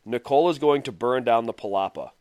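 Podcast cohost guy reading funny quotes, laughs a lot, smooth clear voice, dry sound. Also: medium pitch, fast talker, darkish tone, no echo. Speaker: podcast co-host. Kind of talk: casual chat.

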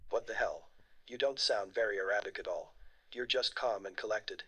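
A man putting on a creepy, breathy male phone caller who talks quietly and fast. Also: on the low side, pitched below the performer's own voice. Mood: eager.

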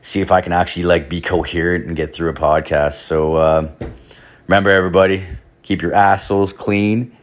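A man's voice: deep voice, steady tone, fairly quick. A young man hosting a podcast, telling a rambling, profane story full of fillers. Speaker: podcast host. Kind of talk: casual storytelling monologue.

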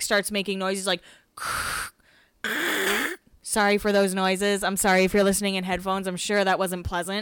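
A woman's voice: medium pitch, fairly bright tone, smooth, no room sound. A woman hosting a podcast, recapping an episode in a chatty, giggly, self-mocking way. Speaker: podcast host.

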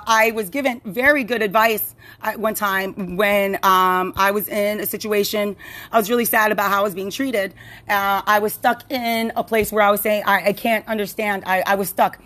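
A woman's voice: medium pitch, sharp tone. Chatty woman podcaster who laughs a lot. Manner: rambling, laughs often, many restarts and fillers. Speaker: podcast host. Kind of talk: casual solo podcast talk.

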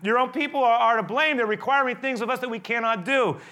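A man's voice: quick pace, pushed and bright. A man voicing desperate Israelite foremen who beg their master and then turn on their leader. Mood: pleading. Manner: begging, voice rising in pitch.

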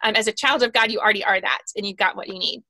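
A woman speaks as a podcast guest, earnest and talkative, with lots of casual fillers. Her voice is bright and forward. The sound is close and dry, with no room around it. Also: mid-range voice, very fast, creaky, dry recording. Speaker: guest author of a Bible study guide.

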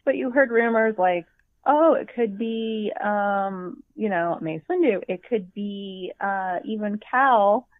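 A woman chatting casually as a podcast co-host, an animated storyteller who acts out her own reactions. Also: medium pitch, takes it slowly, dry recording. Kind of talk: casual fan chat. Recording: tinny phone-like line, dry.

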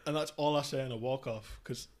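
A man's voice: mid-range voice, fairly even intonation, fairly quick. Jokey rambling man hosting a film podcast. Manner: jokey, rambling, self-deprecating. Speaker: podcast co-host asking quiz questions. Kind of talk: casual film podcast chat.

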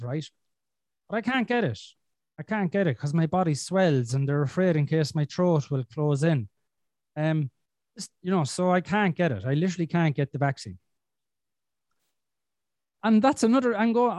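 A man's voice: fairly high pitch, a little mellow, dry recording. A man hosting a podcast in casual chat, blunt and sweary with a self-deprecating streak. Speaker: podcast host.

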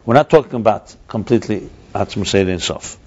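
On a dull lo-fi recording, a man with a lowish, slightly rough and mellow voice talks at a brisk clip. He leads a text study lesson, reading passages out and working through them step by step, repeating points often.

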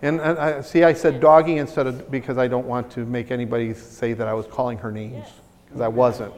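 A man preaching a sermon as pastor, animated and excitable, often stumbling and restarting as he speaks. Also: medium pitch, brisk, in a large hall. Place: church sanctuary.

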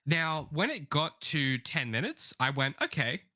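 A man on a casual podcast tells a story with a bright, lively voice that swoops up and down as he acts out the people in it. He swears freely and talks into a close, dry mic. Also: on the high side, a little slow, no room sound. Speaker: podcast co-host. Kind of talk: casual advice-podcast chat.

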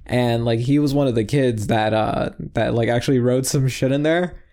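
Dark-voiced rambling male podcast host. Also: medium pitch, normal speed. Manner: rambling, swearing, loses his train of thought. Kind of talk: casual chat.

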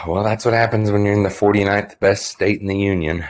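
A man's voice: fairly low pitch, fairly even intonation, a little fast, no echo. A man co-hosting a podcast, tossing in dry, teasing quips during casual chat. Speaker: podcast co-host.

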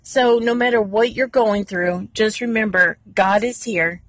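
A woman's voice: mid-range voice, steady tone, a little slow, fairly bright tone, no echo. Earnest woman talking in her car. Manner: earnest, encouraging, many fillers. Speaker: devotional speaker. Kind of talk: informal devotional talk. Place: inside a parked car, rain outside.

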